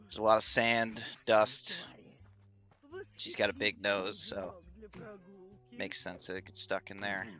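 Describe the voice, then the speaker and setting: A man with a low, very bright and sharp voice talks through a speedrun in casual live commentary. He explains things at length and laughs easily. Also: steady tone, slow, pauses often, soft background music. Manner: chatty, laughing often, explanatory.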